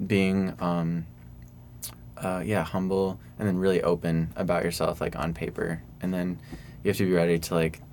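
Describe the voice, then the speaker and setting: Soft-spoken young man with a deep voice. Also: slight background noise. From Michigan, USA. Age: young adult. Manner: soft-spoken, hesitant, heavy on fillers. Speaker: student songwriter interviewee. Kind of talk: casual interview answers.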